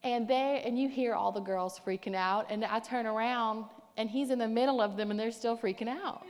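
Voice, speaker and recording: A woman preaching a sermon, telling a personal story in an animated, emphatic way. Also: a little high, moderate pace. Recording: echoey hall reverb.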